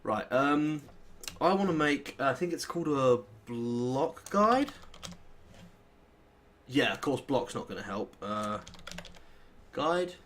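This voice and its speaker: A young British man casually commentating his gameplay, rambling and self-deprecating as he thinks out loud. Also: medium pitch, expressive, slow, pauses often, slight background noise. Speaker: let's play host.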